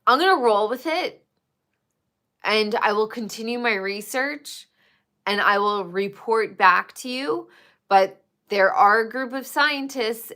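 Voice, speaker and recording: Woman streamer, slow unhurried delivery, chatty and profane, talks straight to viewers. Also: medium pitch, bright, forceful tone. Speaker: livestreamer. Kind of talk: casual chat with viewers.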